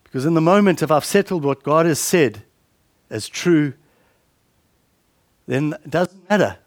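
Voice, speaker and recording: A man's voice: a little high, animated, a little slow, no echo. A man preaching a conversational sermon, often repeating words and asking the listeners questions.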